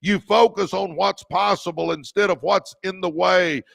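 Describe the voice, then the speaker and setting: A middle-aged man hosts a fired-up motivational livestream for his podcast, repeating key lines, thanking viewers by name and addressing them as "baby." His voice sits high, creaky and fairly bright, at a moderate pace. The studio sound is clean, with no room sound.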